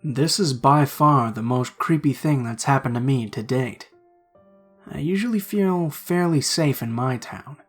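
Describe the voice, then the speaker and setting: A man reading true horror stories aloud in a hushed, suspenseful narrating voice. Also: mid-range voice, vocal fry, husky.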